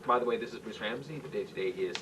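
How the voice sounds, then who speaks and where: A man's voice: fairly low pitch, quick pace. A man reading his own stories aloud at home, in a plain manner with small slips and restarts. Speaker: amateur writer reading his own work. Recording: faint hiss, mic far off.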